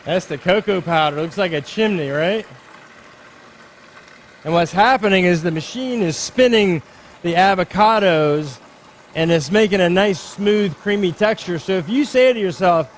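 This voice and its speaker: A middle-aged male chef with a high voice talks through a live cooking demo in an upbeat, chatty way. He explains each step for the families at the tables. Faint room noise sits quietly behind him.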